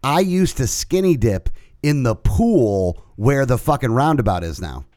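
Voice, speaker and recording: A man's voice: mid-range voice, big pitch swings, a little slow, mellow, no room sound, studio quality. A man co-hosting a podcast, telling a casual story in a rambling, profane way with lots of restarts. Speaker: podcast co-host.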